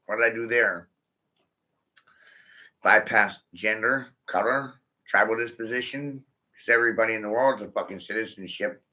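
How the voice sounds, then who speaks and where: A man's voice: fairly low pitch, moderate pace, long pauses, bright, forceful tone. A man in a rambling, profane monologue, stringing rhyming wordplay together and laughing at his own jokes, recorded in his vehicle. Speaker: vlogger. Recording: dull lo-fi sound.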